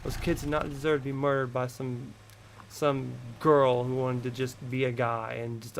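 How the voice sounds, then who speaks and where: A man's voice: mid-range voice, little pitch movement, moderate pace, a little hiss or hum. A man in his thirties from the United States, delivering a heated, profane vlog rant full of repetition. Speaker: vlogger. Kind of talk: angry political rant.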